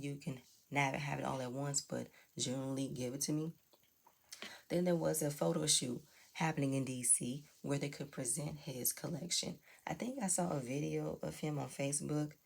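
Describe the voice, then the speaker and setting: Woman, gravelly, low-pitched, casual commentary, opinionated, talks to viewers. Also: a little mellow. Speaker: reality TV reviewer.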